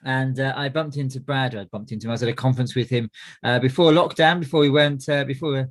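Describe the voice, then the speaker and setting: Man, middle-aged, webinar host, friendly, filler-heavy, mid pitch. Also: quick pace. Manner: friendly, lots of "uh" fillers and restarts. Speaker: business coach hosting a webinar. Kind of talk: presenting a webinar.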